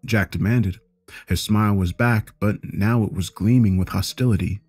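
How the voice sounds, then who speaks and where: A man narrating a first-person story with a steady, plain delivery. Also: fairly low pitch, normal speed, slightly rough.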